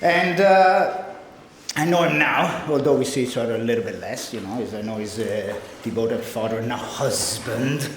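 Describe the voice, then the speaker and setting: A man's voice: medium pitch, moderate pace, slight background noise. Italian man giving a best man speech. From Italy. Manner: joking, teasing, hesitant with many fillers. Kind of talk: wedding speech. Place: large wedding reception room. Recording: very echoey hall with crowd. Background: guests laughing and murmuring.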